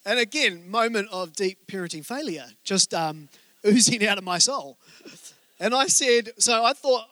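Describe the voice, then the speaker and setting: A male pastor giving a sermon, telling stories in a joking, conversational way and speaking straight to the congregation with quick asides. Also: high voice, pushed and bright, no room sound. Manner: joking, conversational storytelling from the pulpit.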